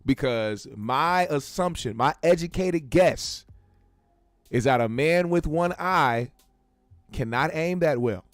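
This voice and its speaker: A man's voice: fairly high pitch, animated, takes it slowly, no room sound, clean studio sound, soft background music. A man hosting a show, giving laid-back, joking commentary full of profanity. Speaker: show host. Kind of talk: casual commentary.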